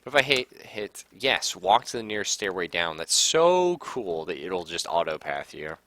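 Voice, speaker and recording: A man's voice: low voice, big pitch swings, moderate pace, fairly bright tone, no echo. A man casually commenting on a game he is playing, reading its text aloud and reacting with sudden outbursts and swearing. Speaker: gaming streamer. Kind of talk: casual let's-play commentary.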